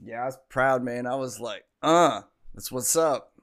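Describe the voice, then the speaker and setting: Here a male podcast co-host spins a lengthy, meandering tale, peppered with fillers and side comments. He speaks at a measured pace in a medium pitch with a fairly bright tone.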